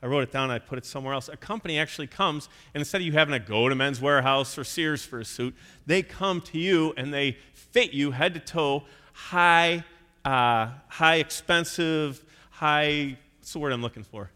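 A male pastor delivers a sermon in a church sanctuary. His voice is bright and forceful, and it rings with long reverb. He tells stories and acts out the voices of the people in them. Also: fairly high pitch, moderate pace, smooth. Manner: storytelling preacher acting out quoted voices.

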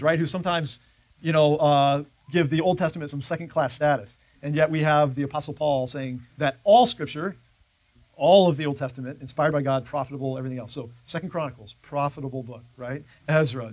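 A man's voice: a little high, brisk, dry recording. Man teaching a church Bible class. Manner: conversational, checks in with the class often.

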